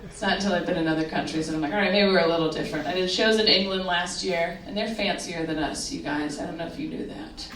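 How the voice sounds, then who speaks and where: A woman's voice: on the low side, steady tone, fast, hardly any pauses, slight background noise. A woman performing a stand-up set, telling wry stories and landing punchlines in a comedy club. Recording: roomy live venue, mic picked up from a distance, loud laughter. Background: audience laughter.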